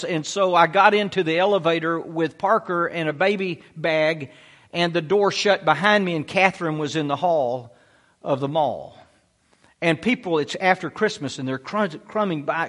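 High-voiced preacher man, emphatic. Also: fairly bright tone. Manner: emphatic preaching with dramatic storytelling. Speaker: pastor. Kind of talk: sermon.

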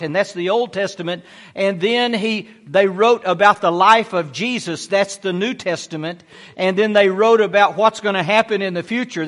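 A man's voice: high voice, fairly bright tone. A middle-aged man preaching a sermon as a pastor, emphatic and dramatic as he tells stories.

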